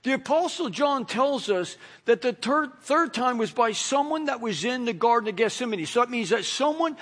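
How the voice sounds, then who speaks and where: A man's voice: very high-pitched, lively intonation, normal speed, fairly bright tone. A male pastor preaching, telling the story with energy and asking his listeners rhetorical questions. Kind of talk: sermon.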